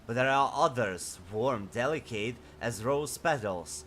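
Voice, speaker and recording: A man's voice: mid-range voice, a bit bright, slight background noise. A man who speaks natively, giving enthusiastic casual let's-play commentary and reading game texts aloud. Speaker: gaming streamer.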